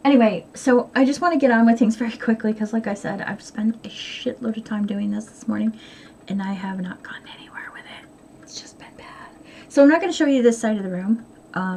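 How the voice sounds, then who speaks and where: A middle-aged woman talks straight to her viewers, candid and rambling, often turning the joke on herself. Her voice sits at an ordinary middle pitch, with a faint hiss of noise under it. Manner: candid, rambling, self-deprecating. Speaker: vlogger. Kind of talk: casual chat. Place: home sewing room.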